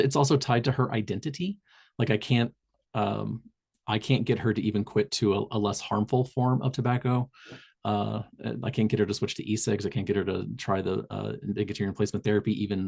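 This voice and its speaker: With a lowish, creaky voice that's a little mellow and has a breathy edge, a Southern Indiana public health trainer gives a webinar presentation by video call. He speaks loosely, often filling pauses and restarting sentences.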